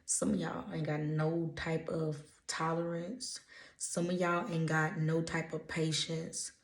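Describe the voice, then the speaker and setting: Speaking slowly in a low, level voice, with a roomy sound around her, a Louisiana-accented woman channels messages for her viewers. The Louisiana energy reader's motivational vlog is emphatic and preachy, and she's blunt, swearing casually as she goes.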